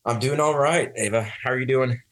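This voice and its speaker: A man guesting on a podcast, stuffy from allergies and speaking in a subdued, low-key way. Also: fairly quick, fairly bright tone.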